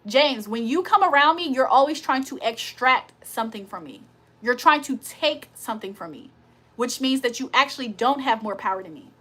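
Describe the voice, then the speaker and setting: A woman's voice: a little high, lively intonation, normal speed, fairly bright tone. A woman hosting a casual livestream, talking bluntly and confrontationally with plenty of profanity. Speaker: livestream host.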